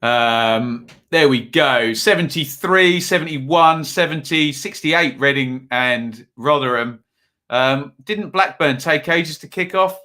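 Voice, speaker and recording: This Ipswich livestream host has a fairly high, bright voice with a forceful tone, and he takes things slowly. He chats with viewers, reads their messages out, and calls football scores in a rambling, um-filled way.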